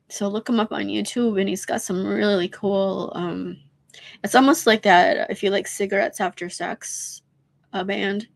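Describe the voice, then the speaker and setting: A hoarse woman who is losing her voice, chatting in a scattered, rambling way on a live stream and swearing freely. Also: mid-range voice.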